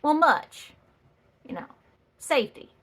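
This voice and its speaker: Young woman doing comedy storytime, high voice, sassy, punchline after punchline. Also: very animated, a bit bright. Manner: sassy, rapid punchlines, exaggerated asides.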